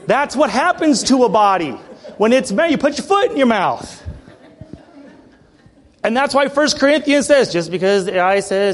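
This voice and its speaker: High-voiced man preaching with joking asides. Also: expressive, moderate pace. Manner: passionate, joking asides, frequent throat clearing. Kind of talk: sermon. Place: church.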